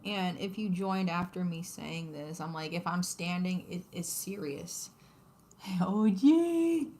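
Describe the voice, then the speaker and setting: A woman's voice: lowish voice, expressive, slow pace, warm tone, slight background noise. A woman, chatting casually with her viewers on a craft livestream while she embroiders. She talks to her audience, laughs often and narrates her work as she goes.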